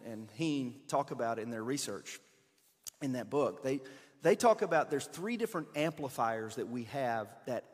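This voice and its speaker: A man preaching a conversational sermon, switching between emphatic bursts and hushed asides. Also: mid-range voice, big-room sound. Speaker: pastor.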